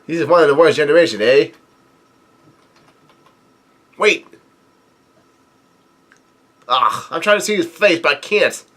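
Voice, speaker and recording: Excitable man reading manga aloud. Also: a little high, fast talker, hardly any pauses. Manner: reads quoted dialogue aloud, hesitant with many fillers, excitable. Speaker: manga reviewer. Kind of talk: casual read-through commentary.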